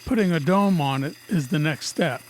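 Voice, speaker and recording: A woman who cuts and sells opals, narrating her workshop video in a deadpan, teasing way. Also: sits low, moderate pace, a little hiss or hum. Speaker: opal cutter and seller. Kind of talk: narrated lapidary video with jokes.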